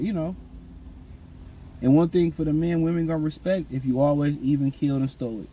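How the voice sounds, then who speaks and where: A man's voice: on the high side, little pitch movement, moderate pace, mellow, rough recording. A man giving blunt, slangy dating and self-improvement advice in a casual, repetitive monologue.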